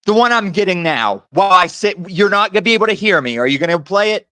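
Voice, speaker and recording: A man rants and swears over a video call, his voice pitched high. The sound is dry and close, with no room around it. He stays hostile and loud throughout. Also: very animated, quick pace, smooth, no room sound. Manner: hostile, yelling and cursing. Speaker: caller on a livestream. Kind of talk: angry ranting on a video call.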